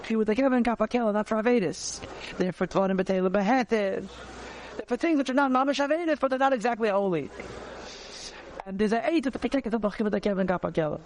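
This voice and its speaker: A man, teaching a conversational Torah class, animated and repeating phrases as he searches for words. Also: high-pitched, fast talker, slight background noise.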